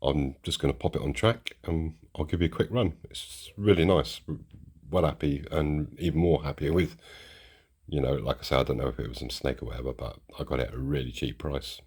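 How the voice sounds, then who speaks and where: A bass voice, a little fast, a little mellow, and slightly rough, carries this British host's casual unboxing chat for his model railway channel. He rambles while showing off model trains and keeps restarting sentences.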